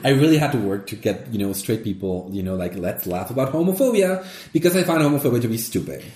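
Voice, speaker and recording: A man's voice: medium pitch, fast, echoey room. A man casually chatting about comedy, telling jokes and acting out their voices with animation. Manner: animated storyteller, acts out joke voices. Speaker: comedian guest.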